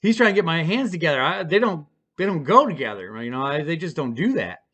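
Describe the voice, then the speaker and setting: A man casually telling a personal story to camera, rambling and self-deprecating with halting restarts. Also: a little high, sing-song, bright, forceful tone.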